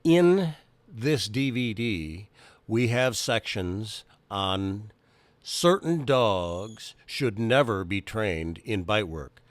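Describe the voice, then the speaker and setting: A man narrating a training video introduction from a script in a measured, explanatory way. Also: fairly low pitch, animated, dry recording.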